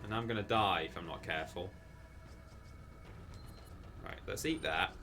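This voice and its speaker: Over soft background music, a deep-voiced Englishman speaks unhurriedly in a sharp tone. He's streaming a game live, chatting casually and rambling in a self-deprecating way. As he plays, he reads the chat aloud.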